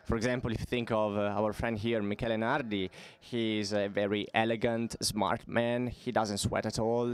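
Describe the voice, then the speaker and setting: A man interpreting a stage talk into English, halting and using fillers. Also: on the low side, little pitch movement, clear, resonant tone. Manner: halting, with frequent fillers and restarts.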